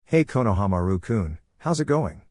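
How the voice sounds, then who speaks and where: A man voicing a gentle, caring young woman ninja who speaks softly, in a storybook reading. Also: lowish voice, very animated, normal speed, no room sound, clean studio sound. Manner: soft, soothing.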